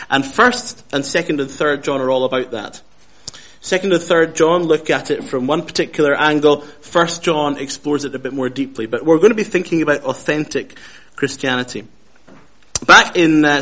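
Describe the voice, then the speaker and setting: A man preaching a Bible study, measured and lively, who often repeats his key phrases for emphasis. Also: a little high. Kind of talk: sermon.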